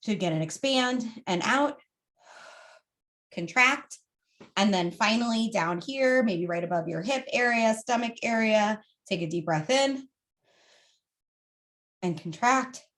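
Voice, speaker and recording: A woman vocal coach leading a public speaking workshop, demonstrating breathing in an animated, conversational way. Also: on the high side, measured pace.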